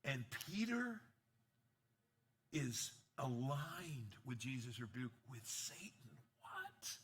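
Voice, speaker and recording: A male pastor with a mid-range voice takes his sermon slowly but delivers it with animation, acting out quotes and joking with the congregation. His delivery moves between quiet asides and sudden loud bursts.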